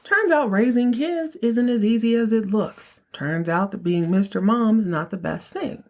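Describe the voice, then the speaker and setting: A woman hosting a podcast, recapping a TV episode in a casual, animated, opinionated way with lots of slang. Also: medium pitch, unhurried. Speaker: podcast host.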